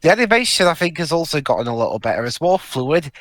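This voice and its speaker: Relaxed man with a dry voice. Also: fairly high pitch, quick pace, no room sound. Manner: relaxed, filler-heavy. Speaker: podcast co-host. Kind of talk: casual review commentary.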